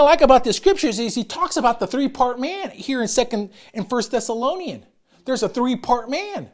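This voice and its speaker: A middle-aged man preaching a sermon as pastor, loud and emphatic, calling out to his congregation. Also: very high voice, lively intonation, normal speed.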